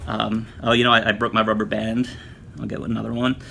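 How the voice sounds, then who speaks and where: A man's voice: fairly low pitch, completely flat delivery, fairly quick, vocal fry, sharp tone, a little hiss or hum. A man recounting his experiences as a student in a casual, chatty vlog monologue, full of fillers and mocking imitations of others. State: just showered, hair still wet. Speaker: former student telling his story. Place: room at home.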